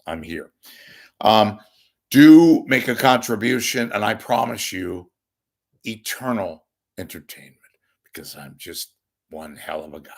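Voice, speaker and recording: A hoarse, congested man with a crackling voice, hosting his own show in a rambling comic monologue, joking at his own expense and swinging from loud to hushed. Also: deep voice. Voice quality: gravelly, crackling. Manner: wisecracking, self-deprecating, swings from loud to hushed. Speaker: podcast host asking for donations.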